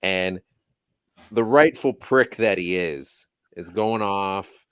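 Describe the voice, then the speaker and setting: A man's voice: sits low, slow, a bit bright, clear, resonant tone, no echo. A man hosting a casual wrestling review show, talking in a rambling way that often restarts mid-sentence. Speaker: host.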